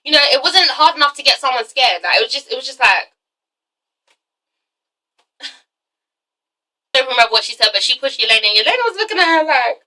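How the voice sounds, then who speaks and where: Woman reviewer, casual recap chat, animated and profane, high bright voice, a bit away from the mic. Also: brisk, pauses often, far from the mic, poor audio. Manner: animated, profane, acts out the scenes. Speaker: TV show reviewer.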